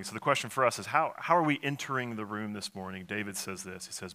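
A male pastor preaching with a low, bright, forceful voice. He talks in an earnest, conversational way, stumbling and restarting often as he works through his thoughts. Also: fast talker, few pauses. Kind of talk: sermon.

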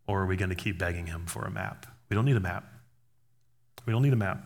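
A man preaching a sermon in an animated, conversational way, acting out little scenes as he goes. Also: sits low, quick pace, creaky.

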